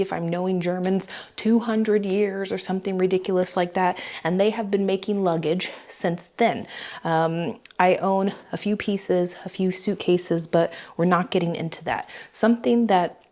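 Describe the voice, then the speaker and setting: Young woman from Florida, lower-pitched, rambling chatty review-vlog delivery. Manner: rambling, warm-hearted, with chuckles and fillers. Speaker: beauty and fashion vlogger. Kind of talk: casual chatty product review.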